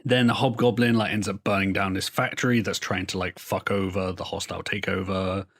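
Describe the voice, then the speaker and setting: A man with a very low-pitched voice co-hosts a casual podcast. He rambles through comic book plots in a loose, profane, chatty way. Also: flat delivery, creaky, crowd noise. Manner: rambling, profane storytelling with quick put-on quotes. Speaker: podcast co-host. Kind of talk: casual chat recapping comics.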